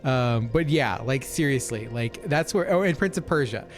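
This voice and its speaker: A man's voice: medium pitch, lively intonation, moderate pace, soft background music. A man co-hosting a game let's play, telling long rambling stories full of fillers and asides. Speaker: co-host. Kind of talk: casual chat over gameplay.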